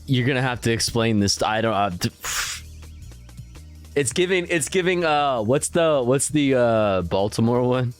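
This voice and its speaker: A man's voice: medium pitch, expressive, a little slow, smooth, soft background music. A man streaming live, reacting to clips in loose, profane, casual chat and chuckling often.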